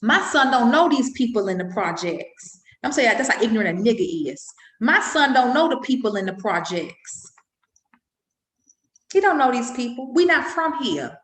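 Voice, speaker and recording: Ranting middle-aged woman, echoey room. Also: fairly high pitch. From Washington, D.C. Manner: profane, ranting, repetitive and emphatic. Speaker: mother vlogging. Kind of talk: impassioned monologue to camera.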